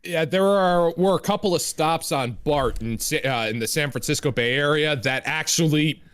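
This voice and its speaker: A man co-hosting a casual comedy chat, relaxed and drawling with lots of filler words. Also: a little high, normal speed, clean tone.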